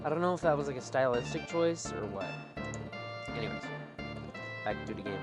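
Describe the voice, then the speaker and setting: A chatty streamer rambles through casual let's-play commentary, peppering every thought with "like." The voice rises and falls in a lively way, over faint video game music. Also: mid-range voice, fairly quick, long pauses.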